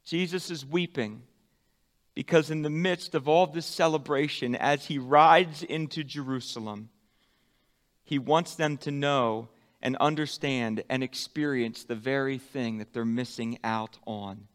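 A pastor preaching a sermon, with dramatic swings from loud emphatic peaks to hushed, soft endings. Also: male voice, mid-range voice, a little slow, long reverb tail.

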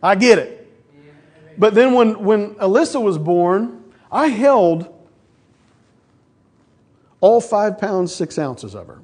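Speaking slowly with frequent pauses, this pastor, a middle-aged man with a high voice, delivers a sermon full of stories. He's animated and performs the quoted voices as he goes.

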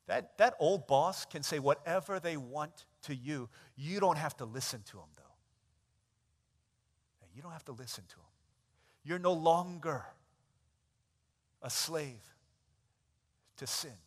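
A man preaching a sermon, telling an animated story and acting out the voices of the people in it. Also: a little high, unhurried, long pauses, husky, big-room sound.

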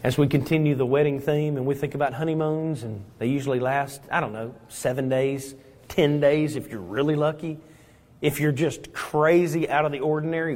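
A male pastor preaching a sermon, dramatic and swinging between loud emphasis and hushed moments. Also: medium pitch. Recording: long reverb in a large hall.

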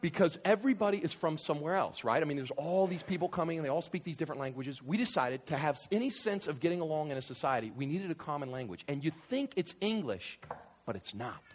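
A man preaches a sermon, his voice sitting high and swinging widely in pitch. He slips into quick acted-out bits of everyday chatter and climbs at times into near shouts. He keeps checking in with the room with "right?". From New York. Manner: animated, acts out everyday banter, rising to shouts; repeats "right?" often. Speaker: pastor.

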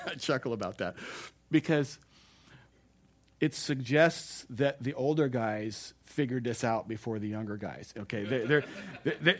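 A middle-aged man, a pastor giving a sermon, telling stories in an animated way and chuckling between points. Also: medium pitch, a little slow. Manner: animated storytelling, chuckling and exclaiming.

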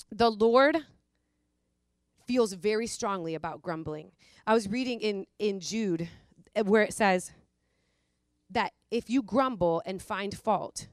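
A woman giving an informal Bible teaching, chatty and animated, often checking in with her listeners and acting out prayers with a laugh. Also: mid-range voice, no echo. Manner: conversational, animated, checks in with "okay?" and "right?"; acts out prayers and quotes with laughing asides.

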